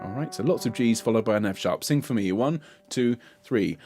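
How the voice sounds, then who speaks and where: A middle-aged man coaching a bass section, patiently explaining and singing lines to show how they go. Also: expressive, brisk, few pauses, over music. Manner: demonstrates sung phrases between spoken instructions; encouraging, patient. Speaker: choir director. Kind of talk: choir rehearsal coaching.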